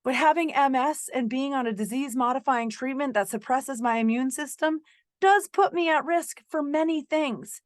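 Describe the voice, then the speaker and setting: Middle-aged woman podcast host, earnest personal monologue with sarcastic asides, slightly high voice, dry close recording. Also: normal speed, no echo.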